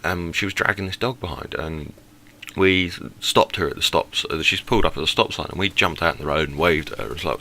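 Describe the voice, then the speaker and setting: Low-voiced young man rambling. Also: fairly quick, sharp tone, a little hiss or hum. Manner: rambling, many fillers and self-corrections. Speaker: gaming channel host. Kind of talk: casual storytelling over gameplay.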